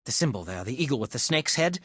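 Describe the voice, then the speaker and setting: Sneering necromancer, plummy and theatrical, lively swooping pitch, dry close recording. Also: male voice, quick pace, husky, no room sound. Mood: hushed, confiding. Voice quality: plummy, theatrical, lots of bursting laughs. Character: haughty foppish male necromancer companion, sneering. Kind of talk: game voice acting. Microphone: close studio mic.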